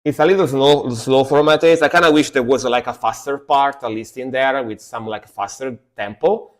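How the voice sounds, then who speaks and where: Man, casual streamer commentary, metal reactions, mid pitch, scats along to riffs. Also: moderate pace. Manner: chatty, scats along to the music.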